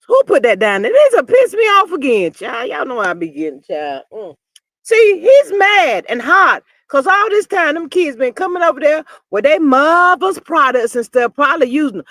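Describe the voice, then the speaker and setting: A woman hosting a casual gossip livestream, reading the chat and talking bluntly and sassily, with loud outbursts and low mutters. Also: sing-song, normal speed, no echo. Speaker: livestream host.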